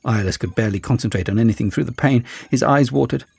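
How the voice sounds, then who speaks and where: A man reading an audiobook as narrator, in an expressive storytelling manner. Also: mid-range voice, fast talker, creaky, husky, no echo, soft background music. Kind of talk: scripted narration.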